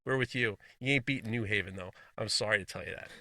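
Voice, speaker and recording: A man's voice: lowish voice, quick pace, bright, forceful tone, no room sound. A man co-hosting a casual podcast, reading listener messages aloud with frequent laughs and blunt, swearing asides.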